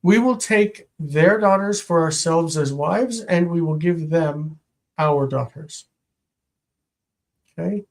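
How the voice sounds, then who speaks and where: A teacher works through a live-streamed homework review, reading each Hebrew phrase and then translating it piece by piece. The pace is unhurried and deliberate, with long pauses between fragments. The voice sits at a middle pitch, and small slips get corrected as the lesson goes on. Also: darkish tone, low-quality recording.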